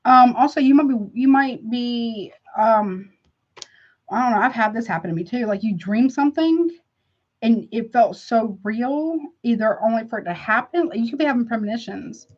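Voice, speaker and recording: A woman reads tarot for her viewers in a loose, chatty livestream, calling them honey and baby. Her voice sits fairly high, and she talks frankly with rambling asides. The recording sounds dull and lo-fi. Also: animated, normal speed. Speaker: tarot reader. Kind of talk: casual tarot reading livestream.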